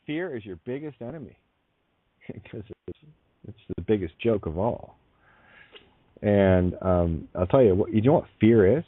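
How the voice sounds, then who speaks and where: A man's voice: fairly low pitch, no room sound. A man hosting an internet radio show, talking bluntly with swearing, laughing and restarting as he goes. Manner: blunt, profane, emphatic. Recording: tinny phone-like sound, dry.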